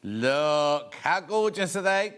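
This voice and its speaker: A chatty man in his sixties hosts a live shopping broadcast. His voice sits a little high and swings up and down a lot. He banters freely with viewers and greets them as he handles the goods. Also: sing-song, slow, a bit bright, smooth. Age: 60s. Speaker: shopping channel presenter. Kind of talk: live TV product selling.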